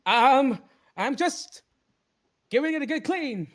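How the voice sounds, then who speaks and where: Fussy flustered craftsman, man voicing, high, stammering. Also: lively intonation, takes it slowly, heavily acted. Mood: hesitant.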